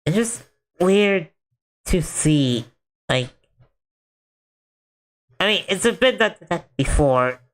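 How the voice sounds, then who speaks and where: A man's voice: sits high, animated, slow, long pauses, fairly bright tone. A man streaming a game, chatting casually in a rambling way full of filler words. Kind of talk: casual chat while gaming.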